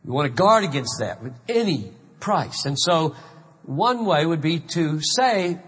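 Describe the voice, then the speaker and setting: A man's voice: a little high, big pitch swings, a little slow, fairly bright tone, slightly rough, big-room sound. A man in his fifties from the American South, preaching a sermon in an earnest, conversational way with emphatic repetition. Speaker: pastor.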